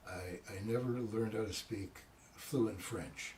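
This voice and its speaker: A man's voice: lowish voice, takes it slowly, a little mellow, far from the mic, a little hiss or hum. A man from Canada, a former radio announcer, co-hosting a casual live video chat with dry, joking quips.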